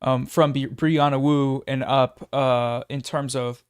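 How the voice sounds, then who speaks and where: A young man speaks at a middle pitch in a smooth, clear voice, hesitant and full of fillers as he searches for words. The sound is dry and close. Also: little pitch movement, dry recording. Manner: halting, many fillers and restarts. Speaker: guest YouTuber. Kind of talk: casual chat.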